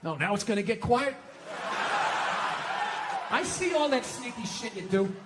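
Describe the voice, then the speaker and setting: A middle-aged man doing a stand-up comedy routine, ranting profanely and shouting at the peaks. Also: very high voice, big pitch swings, unhurried, heavy background noise.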